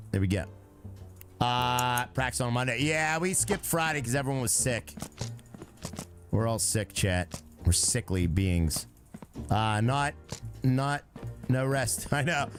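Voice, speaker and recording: A man's voice: mid-range voice, measured pace, long pauses, faint music behind. A young man live-streaming a game, chatting with his viewers and talking himself through it in a joking way. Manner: chatty, talks to himself and chat; joking, breaks into sung lines.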